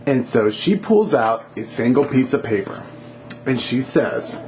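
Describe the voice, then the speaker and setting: A man's voice: mid-range voice, moderate pace, a little hiss or hum. Casual male storyteller, easygoing, filler-heavy, talks to viewers. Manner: relaxed, with fillers and hedges.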